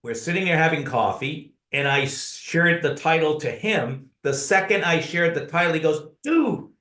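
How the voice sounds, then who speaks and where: A man's voice: fairly high pitch, moderate pace, bright, forceful tone. Earnest storytelling man in an echoey room. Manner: earnest storyteller who addresses the host by name. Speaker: podcast guest, author. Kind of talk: conversational storytelling.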